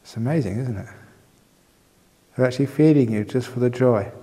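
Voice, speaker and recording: This is a dharma talk at a meditation retreat, where a man answers questions with plenty of playful humor and frequent laughter. His medium-pitched voice is brisk and warm, and the retreat hall gives it a big-room sound with long reverb.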